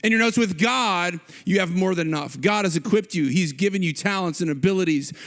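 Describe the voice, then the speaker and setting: High-voiced, chatty preacher man. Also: a little fast. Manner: conversational storytelling, animated. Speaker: pastor. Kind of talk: sermon.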